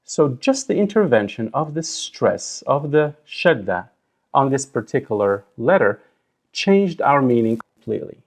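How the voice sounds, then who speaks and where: A man teaching a recorded language lesson, sounding out syllables slowly and deliberately. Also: mid-range voice, sing-song. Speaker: Arabic teacher.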